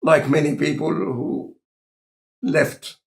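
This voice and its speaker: A man with an Egyptian accent and a non-native speaker of English, talking in a relaxed, conversational lecture style with deliberate, halting phrasing. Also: on the high side, vocal fry. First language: Arabic. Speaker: scientist in conversation.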